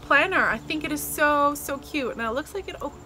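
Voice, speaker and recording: A woman's voice: high voice, lively intonation, fairly quick. A woman in her thirties from Canada, gushing with delight as she unboxes craft gifts in a casual vlog, outdoors in the sun. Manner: gushing, delighted, many thank-yous. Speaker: crafting vlogger. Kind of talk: casual happy-mail unboxing. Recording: noisy outdoor ambience with insects.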